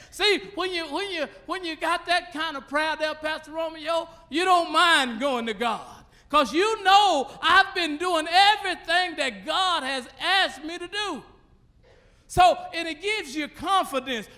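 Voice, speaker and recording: High, bright-voiced Southern preacher man. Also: animated. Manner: preaching with rising call-and-response fervor, drawn-out phrases. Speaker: pastor. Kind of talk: sermon. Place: church sanctuary.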